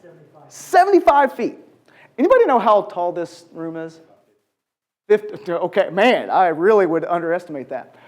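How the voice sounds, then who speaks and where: This man's voice sits high, moving at normal speed with frequent pauses. He's giving a conversational Bible lesson to a group in a big church room, animatedly questioning listeners and acting out quotes.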